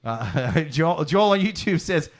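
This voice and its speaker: A man hosting a comedy podcast, chatting casually and animatedly, swearing freely and slipping into loud mock voices. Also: a little high, animated, takes it slowly, vocal fry. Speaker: podcast host.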